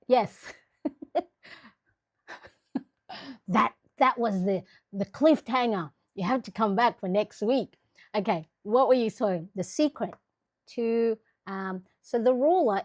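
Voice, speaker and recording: A woman's voice: mid-range voice, a little mellow. Chatty woman hosting a planner livestream. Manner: chatty, rambling, laughs often, talks to viewers; explains step by step while working. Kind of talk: casual livestream chat.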